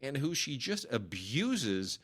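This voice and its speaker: A man's voice: mid-range voice, big pitch swings, slow, a bit bright, breathy edge. A man co-hosting a film review podcast, enthusiastic and chatty, often talking over his co-host. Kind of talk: casual film review chat.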